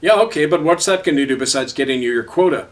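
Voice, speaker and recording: A man's voice: fairly high pitch, quick pace, lightly acted. A man voicing an aged Cree street elder who speaks bluntly and matter-of-factly, heard from a distant mic.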